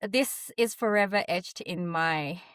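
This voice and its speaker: A woman's voice: on the low side, takes it slowly, fairly bright tone, no room sound, studio quality. A woman co-hosting a podcast, chatting casually about work and laughing along. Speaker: podcast co-host. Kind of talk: casual chat.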